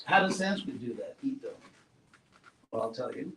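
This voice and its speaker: A man giving a relaxed classroom talk, asking his students questions and adding playful asides. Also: medium pitch, normal speed. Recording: roomy echo, far from mic, faint noise.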